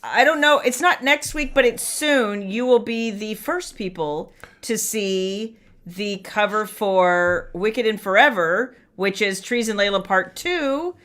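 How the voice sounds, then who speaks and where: A woman author hosting a casual live-stream chat with viewers, chatty and quick to laugh. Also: mid-range voice, fairly bright tone.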